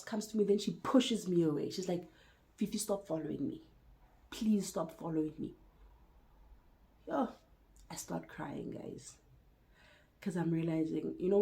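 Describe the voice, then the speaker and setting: Young South African woman, storytime vlogger. Mellow, lower voice. Lively retelling with dialogue played out. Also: vocal fry, rough recording. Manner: animated retelling, acting out dialogue, switching into Sesotho. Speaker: YouTuber telling a personal story. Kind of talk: storytime vlog.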